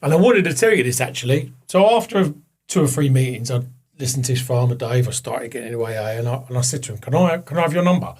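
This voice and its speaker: A male guest with a husky, slightly mellow, medium-pitched voice speaks fast and expressively, sharing a frank personal story full of swearing in a casual chat. He acts out the voices of the people he quotes.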